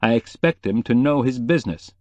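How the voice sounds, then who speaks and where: A man's voice: medium pitch, lively intonation, fairly quick, darkish tone, dry recording, lo-fi sound, pitched above the performer's own voice, natural voice. A man voicing a boastful, self-pitying male potter in an audiobook, sounding pompous and touchy. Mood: huffy.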